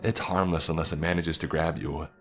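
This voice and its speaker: A man's voice: rumbling low, little pitch movement, fairly quick, faint music behind. A man voicing a tough, focused young woman who survives a monster outbreak and speaks bluntly and curtly. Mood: urgent.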